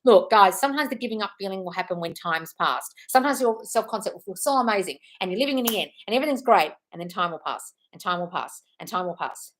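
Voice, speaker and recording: Speaking fast with hardly any pauses, this British woman has an animated, mid-range voice. She's a coach on a home live stream, playful, blunt and profane, calling viewers darling as she reads out their comments in casual chat.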